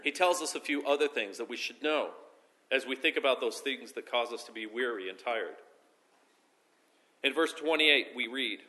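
Man, pastor, sermon, bright forceful voice, emphatic rises, quiet drops at phrase ends. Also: medium pitch. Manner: preaching with rising emphasis and soft, slow drops at phrase ends.

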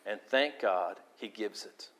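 A pastor preaching a sermon, earnest and storytelling, moving between forceful emphasis and quiet, intimate moments. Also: male voice, on the low side, slow pace. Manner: animated storyteller, repeats words for emphasis.

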